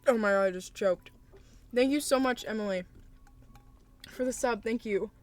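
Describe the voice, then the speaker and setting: A young woman streaming live, talking casually and gently to her chat, hesitant and supportive with many fillers. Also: fairly high pitch, moderate pace. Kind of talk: casual live-stream chat, reading and answering viewer messages.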